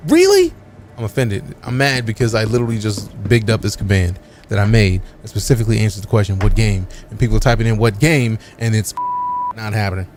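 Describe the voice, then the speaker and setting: A man's voice: fairly low pitch, steady tone, fast, slight background noise. A man live-streaming a game, chatting casually with his viewers and joking around with playful, mock-offended trash talk full of slang.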